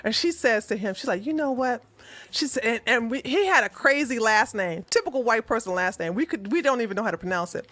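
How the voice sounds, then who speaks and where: Bright, animated woman telling a story. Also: fairly high pitch, fast, hardly any pauses, no room sound. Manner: animated, chatty, breaks into laughter, acts out quotes. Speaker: channel host. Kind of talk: casual storytelling to camera.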